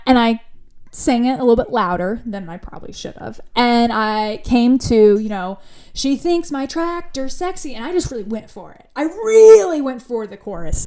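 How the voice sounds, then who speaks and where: A young woman hosting a podcast, telling a personal story in a chatty, animated way with lots of asides. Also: on the high side. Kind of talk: casual storytelling.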